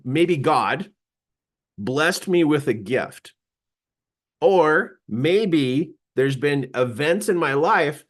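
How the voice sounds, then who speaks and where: A man giving a live seminar talk, telling a personal story in an animated way, laughing often and acting out quoted lines. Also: fairly high pitch.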